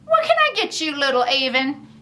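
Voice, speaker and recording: A woman's voice: high voice, huge pitch swings, moderate pace, pushed and bright, exaggerated voice. A woman voicing a kindly, forgetful, very old male shopkeeper in an audiobook, calling out cheerily. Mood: cheery.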